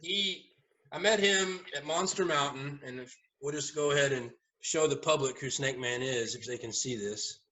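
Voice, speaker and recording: A man chatting casually at a round table, telling lively stories and laughing often as he goes. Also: fairly high pitch, normal speed, low-quality recording. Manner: animated storyteller, laughs often. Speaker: haunt owner, podcast regular. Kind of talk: casual storytelling chat.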